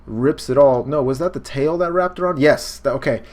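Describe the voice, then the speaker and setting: A young man hosts a casual reaction video with a middle-pitched voice. He retells the action excitedly, throws in swearing and punchy sound effects, and talks into a desk mic. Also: moderate pace. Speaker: host. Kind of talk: casual manga reaction commentary.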